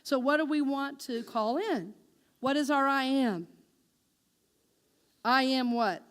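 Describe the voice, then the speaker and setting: A woman minister delivering a sermon, asking her congregation questions and speaking affirmations slowly and deliberately. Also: high voice, smooth. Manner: engaging the congregation with call-and-response questions; slow, deliberate spoken affirmations.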